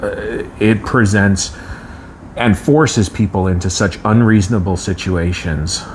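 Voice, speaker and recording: A man co-hosting a live stream, earnest and halting, with many restarts. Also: fairly low pitch, slight background noise. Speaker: co-host.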